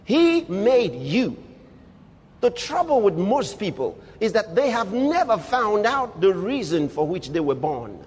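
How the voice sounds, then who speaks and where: Emphatic high-voiced male preacher, reverberant hall. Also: big pitch swings, measured pace, slightly rough. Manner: emphatic, rhetorical, swings between low asides and loud exclamations. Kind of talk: sermon.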